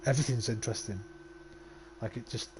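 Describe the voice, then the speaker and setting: A man's voice: mid-range voice, steady tone, brisk, background noise. A man giving casual let's-play commentary, talking to himself and swearing freely. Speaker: gaming livestreamer.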